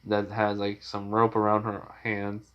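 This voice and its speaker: Male narrator, casual rambling fan-story telling, unhurried. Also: on the low side, monotone, lo-fi sound. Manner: rambling, many fillers and restarts.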